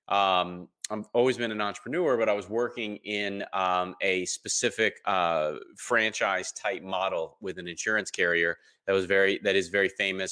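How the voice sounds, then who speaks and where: Bright-voiced man telling a story. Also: low voice, clean tone. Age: 30s. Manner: animated storyteller, acts out quoted voices, many ums. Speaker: podcast guest. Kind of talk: casual storytelling interview.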